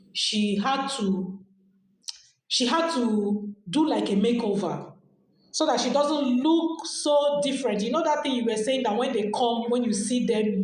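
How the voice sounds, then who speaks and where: A woman hosting a casual podcast chat, often pausing and restarting her phrases as she thinks. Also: mid-range voice, darkish tone. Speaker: podcast host. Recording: very echoey room.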